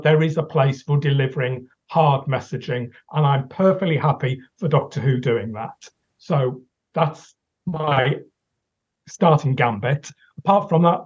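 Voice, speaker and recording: On a dull lo-fi podcast recording, a male co-host with a slightly rough voice on the high side rants and swears. It's a casual critical discussion, and his critique sounds exasperated.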